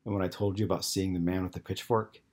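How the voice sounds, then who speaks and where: A man reading the part of a troubled young man in his twenties, speaking slowly and earnestly in his own low, husky voice. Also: little pitch movement, a little mellow. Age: 20s.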